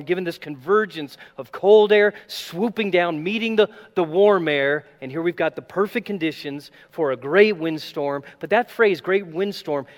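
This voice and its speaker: A man preaching a sermon, dramatic, shifting from loud acted quotes to hushed asides. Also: a little high. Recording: long reverb of a large hall, faint mains hum.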